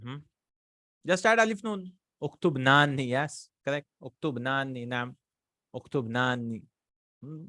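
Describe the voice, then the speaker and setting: A man's voice: medium pitch, a little slow, pauses often, bright, forceful tone, dry recording, clean studio sound. A man teaching Arabic grammar, working through exercises and repeating each word form aloud. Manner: patient, drills words aloud, asks and answers himself.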